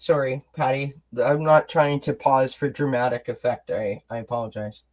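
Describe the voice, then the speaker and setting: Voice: mid-range voice, flat delivery, normal speed, poor audio. A tarot card reader giving a casual live-streamed reading, chatty and encouraging, with self-deprecating asides between cards. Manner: chatty, encouraging, responds to chat comments.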